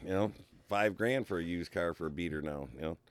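A man's voice: deep voice, fairly quick, crowd noise. A man hosting a casual talk show, laid-back and chatty, often ending his lines with "man". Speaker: show host. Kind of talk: casual chat. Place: indoors behind a screen.

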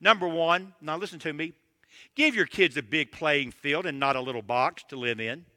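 A man's voice: on the high side, normal speed, pushed and bright, dry recording, long reverb tail. A man in his sixties preaching a sermon, emphatic and direct, laying out numbered points.

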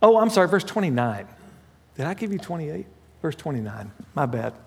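A male pastor with a fairly high voice delivers a relaxed, conversational sermon, stopping to correct himself and add asides. His pitch rises and falls a lot. The voice carries a long reverb, as if recorded in a large hall. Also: a little fast, creaky.

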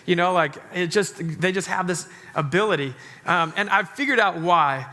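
Bright-voiced pastor joking with his church. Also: on the high side, a little fast. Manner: chatty, joking sermon delivery with many "like" fillers. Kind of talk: sermon. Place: church sanctuary.

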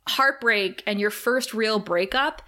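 A woman co-hosting a casual podcast, animated and emotional as she talks, with frequent laughter. Her voice is bright and clear. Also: medium pitch, slow. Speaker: podcast co-host. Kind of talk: casual chat.

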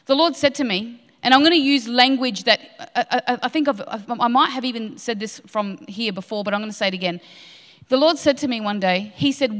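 A woman's voice: fairly high pitch, fairly quick, a bit bright. Impassioned woman preaching in a reverberant hall. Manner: impassioned, repeats lines for emphasis. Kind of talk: sermon.

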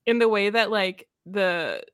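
A woman's voice: medium pitch, a little slow, smooth, dry recording, studio quality. A young woman co-hosting a podcast, chatting casually about books, laughing often and filling her talk with "like". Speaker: podcast co-host. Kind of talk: casual book discussion chat.

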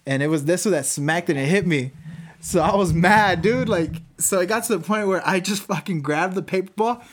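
At a moderate pace and a high pitch, a man from Southern California laughs his way through a school story. The conversation is casual and thick with swearing, and he tells it animatedly.

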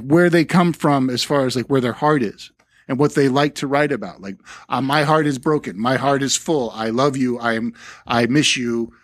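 A man's voice: on the high side, fairly bright tone, no room sound, studio quality. A man co-hosting a podcast, chatting casually about music in a rambling, profane way, full of fillers and restarts. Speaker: podcast co-host.

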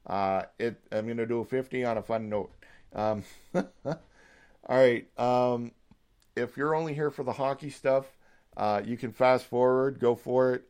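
A young man hosting a casual solo podcast, rambling excitedly like a hyped fan and swearing freely. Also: mid-range voice, unhurried, pauses often, clear, resonant tone. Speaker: podcast host.

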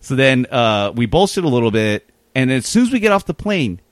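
A man's voice: medium pitch, fairly quick, no echo. Rambling man telling a story. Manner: rambling, animated, many fillers. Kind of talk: casual storytelling.

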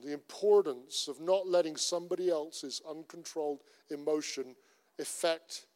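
A pastor from Cornwall, middle-aged and speaking with a Cornish English accent, preaches in a high voice. He sounds earnest and conversational and repeats himself a great deal, while a long church-hall reverb trails after his words.

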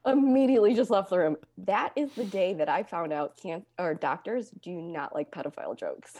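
Young woman, lowish voice, dry close sound, chatty storyteller with deadpan humor. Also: normal speed, no echo. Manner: deadpan humor, acts out quotes with lively pitch jumps. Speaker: guest telling her story. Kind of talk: casual conversational storytelling.

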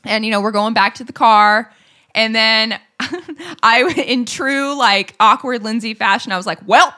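Bright-voiced woman telling stories. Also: medium pitch. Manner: animated storyteller, laughs often, swears freely. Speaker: podcast co-host. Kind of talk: casual chat.

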